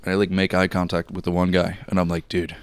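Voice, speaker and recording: A man's voice: low-pitched, monotone, fast talker, clean tone. A young man co-hosting a podcast, telling a story in casual chat, rambling with many fillers and swears. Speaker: podcast co-host.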